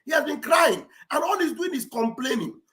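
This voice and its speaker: A woman gives mocking, exclamatory commentary on a livestream. Her voice sits high and swoops all over. She repeats phrases for effect and acts out what others say. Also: sing-song, normal speed, fairly bright tone, shouting. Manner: acts out quoted speech with theatrical delivery.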